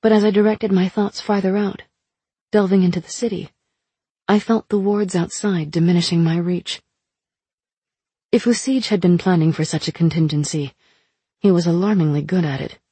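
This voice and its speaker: A woman reading a fantasy story aloud in measured, soft narration. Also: lowish voice, fairly even intonation, slightly rough, dry recording. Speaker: audiobook narrator. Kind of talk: scripted narration.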